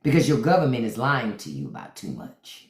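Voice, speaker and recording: A woman's voice: a bass voice, wildly swooping pitch, a little fast, a little mellow. A woman talks to her live viewers in a sassy, mocking way, and her voice swings up and down a lot. She's recorded on a phone or webcam in a room with a noticeable echo. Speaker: host of a live stream. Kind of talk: casual live-stream commentary. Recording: echoey room.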